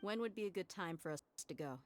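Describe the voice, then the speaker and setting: Fields: Voice: a woman playing a calm young female traveler. Pitch: fairly low. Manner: earnest. Style: game cutscene. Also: fast talker, faint music behind, natural voice. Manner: calm, earnest, matter-of-fact. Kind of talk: video game voice acting.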